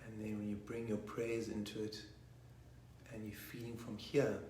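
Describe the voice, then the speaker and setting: A man leading a guided meditation online, soft-spoken and slipping into whispers at times. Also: lowish voice, monotone, moderate pace, slight background noise. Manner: rocks forwards and back while chanting. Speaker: meditation teacher. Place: online session from a room. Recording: roomy echo.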